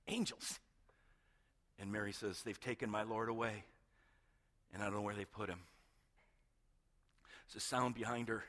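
A middle-aged male pastor preaching a sermon, retelling a story with hushed moments and emphatic build-ups. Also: on the low side, measured pace, pauses often. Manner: animated storytelling, swings between hushed and emphatic.

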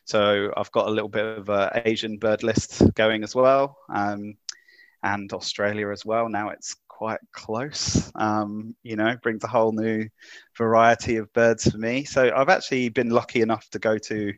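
A man's voice: lowish voice, level tone, moderate pace, no room sound, lo-fi sound. A man from the UK with an English accent turning Kiwi, chatting as a podcast guest with many ums and restarts. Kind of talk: casual interview chat.

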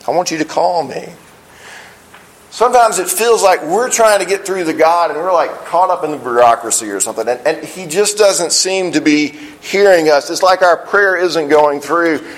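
Pastor guy giving a sermon, voice a bit on the high side, earnest, stumbles and repeats words. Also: rough recording. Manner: earnest, repeats words when starting phrases, slows on key lines.

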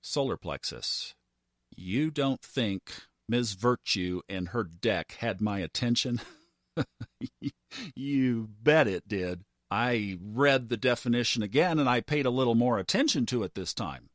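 A man in his fifties hosting a podcast, telling a personal story in an earnest way that builds to animated emphasis. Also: medium pitch, a little slow, no room sound, studio quality. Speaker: podcast host.

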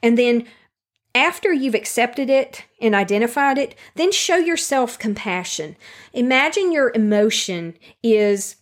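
Woman talking straight to you about handling anger, calm and earnest, says things twice to drive them home, mid-pitched voice. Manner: calm, earnest, speaks directly to the listener; repeats key phrases for emphasis. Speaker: Christian self-help speaker. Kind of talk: teaching monologue on handling anger.

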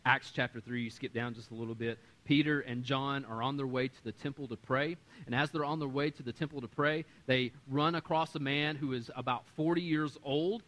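A male pastor preaching with a bright, forceful tone that sits a little high for a man. He is animated and self-deprecating, and he acts out the voices of people in the stories. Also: rough recording. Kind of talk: sermon. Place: church sanctuary.

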